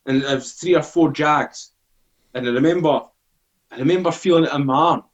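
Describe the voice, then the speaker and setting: On the high side and fairly quick, the voice of this Scottish podcast guest in his forties comes through with lo-fi sound. He tells a casual story, swearing, animated, and acting out the quoted dialogue.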